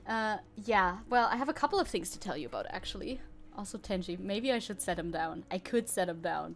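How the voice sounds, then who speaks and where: A woman streamer giving casual gameplay commentary, chatty and giggly, thinking aloud. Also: mid-range voice. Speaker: VTuber streamer.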